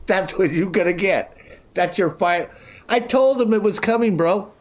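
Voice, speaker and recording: A man's voice: sits high, a little slow. A man in his sixties streaming a video game, ranting angrily and swearing constantly at rivals who kicked him off their chat. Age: 60s. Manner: angry, profane, ranting; mimics others in mocking voices. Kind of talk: profane live-stream rant.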